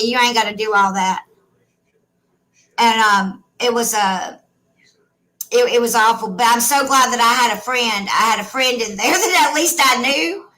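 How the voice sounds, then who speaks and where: Blunt, animated woman storyteller. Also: fairly high pitch, poor audio. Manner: blunt, swears freely, emotional and animated. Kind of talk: casual storytelling chat.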